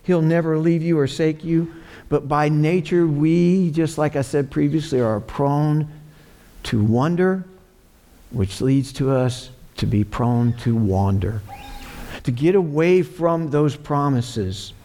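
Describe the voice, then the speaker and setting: A man with a high voice preaches to his congregation. He talks earnestly and repeats key phrases for weight. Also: slow pace, dark tone. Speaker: pastor. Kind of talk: sermon.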